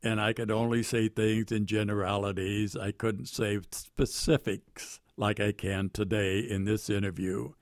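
A hoarse man in his nineties, a war veteran recalling his service in an interview, speaking deliberately and haltingly. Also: lowish voice, steady tone, no echo, clean studio sound. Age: 90s. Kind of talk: interview recollection.

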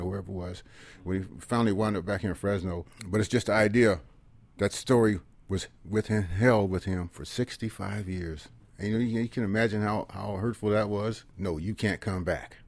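A man in his seventies, a veteran telling personal stories in a rambling, conversational way, often trailing off softly. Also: lowish voice, no echo. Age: 70s. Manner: conversational, rambling, tags phrases with "okay?" and drops softly at the ends. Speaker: veteran guest. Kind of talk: personal storytelling in an interview.

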